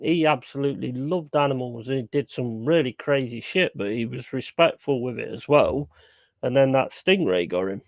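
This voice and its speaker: A man's voice: mid-range voice, vocal fry, no room sound. A young man chatting casually on a live stream, blunt and sweary, repeating his points for emphasis. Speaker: streamer hosting a football watchalong.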